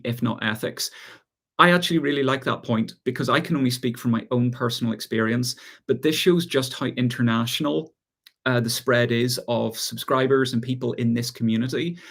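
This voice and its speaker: A man with an Irish accent hosting a relaxed live chat, reading out viewer questions and answering them with easy laughs. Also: mid-range voice. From Ireland. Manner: relaxed, chatty, reads out viewer comments and laughs often. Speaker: gardening channel host.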